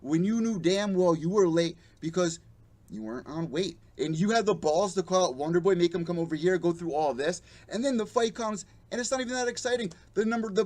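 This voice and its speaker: A man's voice: high voice, darkish tone. A young adult man hosting a live MMA show, ranting bluntly and profanely and mocking the fighters he quotes. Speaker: podcast host. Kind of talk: live-streamed MMA commentary rant.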